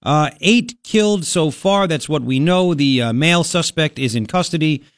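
A man hosting a political talk radio show, combative and sarcastic, talking fast and loose with frequent asides. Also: fairly high pitch, dry recording, studio quality.

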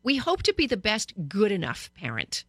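A woman hosting a radio talk show, giving parenting advice to listeners in a lively, storytelling way, speaking into a studio microphone. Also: mid-range voice, normal speed, husky, no echo.

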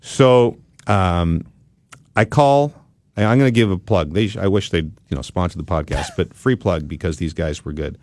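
A man hosting a podcast who tells a story in a casual, animated way and laughs often. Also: low-pitched, moderate pace, no echo. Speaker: podcast host.

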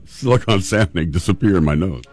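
A man hosting a talk radio show spins a goofy childhood tale with real relish. His pitch leaps and dips all over as he acts out the moments. Faint music plays softly behind him. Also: fast talker. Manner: lively, playful storyteller who acts out moments. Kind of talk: animated personal storytelling.

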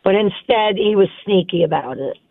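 A woman's voice: mid-range voice, animated, normal speed, no echo. A woman calling in to a radio show, giving firm, emphatic opinions. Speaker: caller. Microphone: phone line. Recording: tinny phone line.

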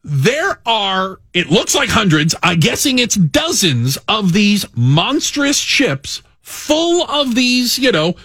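A man hosting a radio talk show, chatting casually, animated and self-mocking, with frequent restarts. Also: high-pitched, slow pace, hardly any pauses, breathy edge, no echo, clean studio sound. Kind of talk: casual on-air banter.

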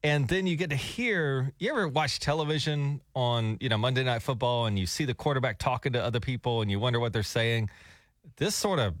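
A man's voice: medium pitch, a little fast, no room sound, studio quality. A middle-aged man hosting a morning radio show, telling a story in a rambling, self-deprecating way. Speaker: radio host. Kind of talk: casual morning radio banter. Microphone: studio microphone.

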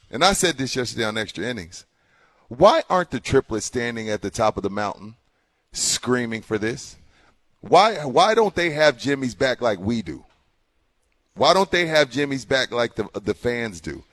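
A man co-hosting a morning sports radio show, animated and argumentative, building into passionate rants. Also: mid-range voice. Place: radio studio.

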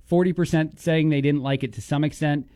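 A man hosting a radio show, chatting casually with quick, jokey asides into a studio microphone. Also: a little high, steady tone, dark tone, no room sound. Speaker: radio host.

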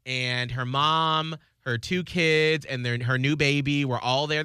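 A man's voice: fairly high pitch, fairly even intonation, normal speed, bright, forceful tone, clear, resonant tone, no echo, clean studio sound. A man hosting a radio morning show, telling an earnest story in casual chat and acting out the lines he quotes.

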